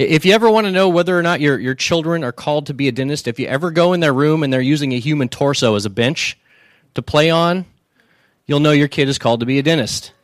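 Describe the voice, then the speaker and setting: A pastor preaches a humorous sermon, telling comic stories and repeatedly checking in with the crowd with rhetorical questions like "right?" His voice is on the high side, captured in studio quality with no echo.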